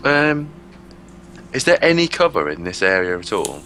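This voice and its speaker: A man's voice: deep voice, very animated, normal speed. A man playing a tabletop game, hesitant and planning his moves aloud with many fillers. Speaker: player.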